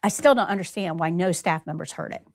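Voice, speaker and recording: A woman's voice: fairly low pitch, a little fast, no echo, clean studio sound. A middle-aged woman teaching a live nursing class, emphatic, repeating key points and quizzing her students. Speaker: nursing instructor.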